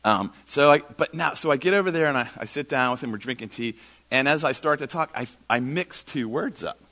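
A man preaches in a church, spinning a self-mocking story. His voice swings widely in pitch and has a bright, forceful edge, and the delivery stays animated throughout. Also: fairly quick. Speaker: guest preacher. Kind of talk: sermon with storytelling.

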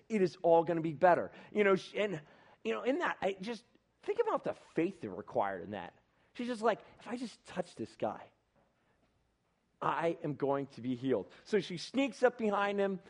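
A young man preaching on a Bible passage in a casual, animated way, acting out the people in the story. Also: fairly high pitch. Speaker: pastor.

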